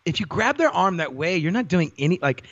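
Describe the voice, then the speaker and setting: A man's voice: high-pitched, very animated, brisk, highs cut off. A man co-hosting a podcast, talking in slangy casual banter, swearing and calling his partner bro. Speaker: guest co-host. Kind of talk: casual chat.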